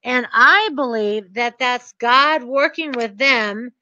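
A woman's voice: fairly high pitch, slow pace, pushed and bright, dry recording, dull audio. A woman coaching her real estate students in a motivational talk, earnest and emphatic, repeating her points for stress.

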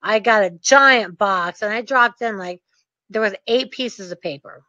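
A woman telling a casual story to camera in an animated, laughing, mischievous way. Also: mid-range voice, measured pace, no room sound, lo-fi sound. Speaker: real estate dealmaker.

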